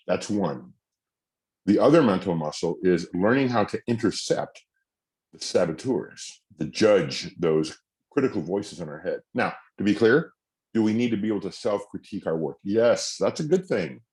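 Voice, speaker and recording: A middle-aged man with a very deep, low voice teaches a mental fitness masterclass. He speaks earnestly and acts out example phrases, shifting his tone of voice to show how the same words can sound different. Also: darkish tone. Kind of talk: recorded masterclass talk.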